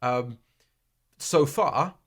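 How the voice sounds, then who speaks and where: A man's voice: mid-range voice, drawn-out words. A man co-hosting a casual football podcast, rambling through results with restarts and the odd blunt rant. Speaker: podcast co-host.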